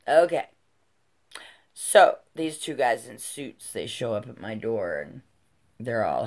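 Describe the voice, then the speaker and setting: Brief: middle-aged woman vlogger, deep low voice, drawn-out pace, frank and profane. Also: sing-song. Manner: blunt, swears freely, laughs while telling. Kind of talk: casual storytelling.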